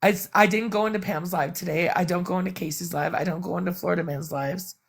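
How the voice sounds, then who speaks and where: A woman's voice: lowish voice, steady tone, quick pace, gravelly, slightly rough. A woman chatting bluntly and profanely on a live stream, rambling as she vents. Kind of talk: casual venting chat.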